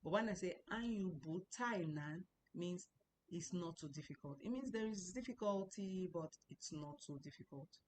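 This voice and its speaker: Her voice is on the low side, expressive and darkish, at normal speed, picked up by a computer mic as she faces a screen with a faint hiss or hum. She's giving an online language lesson, explaining as she goes and patiently repeating words and tones many times.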